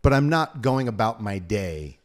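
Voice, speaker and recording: A man's voice: on the low side, a little slow. Middle-aged guy on a podcast, swears a lot, voice jumps all over when he tells a story. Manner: animated storyteller, swears, acts out quotes loudly. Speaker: podcast host. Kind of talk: casual chat.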